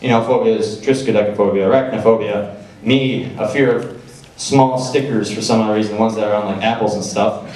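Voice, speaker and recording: A young man performs a stand-up set on a talent show stage, spinning a story with a deadpan delivery and quick, playful shifts of voice. He is heard from some way off, and his voice rings around a large echoing hall. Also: lowish voice, crowd noise. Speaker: stand-up comedian. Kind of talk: stand-up comedy routine. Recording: echoey hall, voice from far off.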